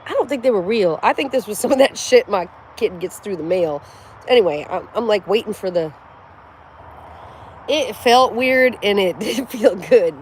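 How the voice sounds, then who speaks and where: A middle-aged woman telling a story in a loose, chatty way, laughing a lot and swearing as she goes. Her voice moves freely up and down in pitch, and faint outdoor noise hangs in the background. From United States. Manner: laughing often, profane, animated storyteller. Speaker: vlogger. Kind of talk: casual storytelling chat to camera.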